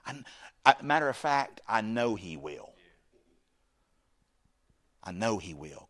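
A middle-aged man preaching a sermon, animated, shifting from loud bursts to quiet asides and acting out the voices in his story. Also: lowish voice, slow pace, long pauses. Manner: acts out quoted speech in the story.

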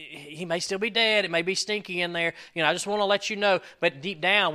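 A man preaching a sermon in an earnest way, swinging between loud emphasis and quiet asides and acting out quoted prayers. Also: a little high. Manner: acts out quoted prayers and lines. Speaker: pastor.

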